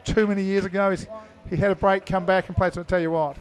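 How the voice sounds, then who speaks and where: A man's voice: high-pitched, flat delivery, fast talker. A middle-aged man giving live indoor cricket commentary, chatty and full of fillers as he thinks aloud.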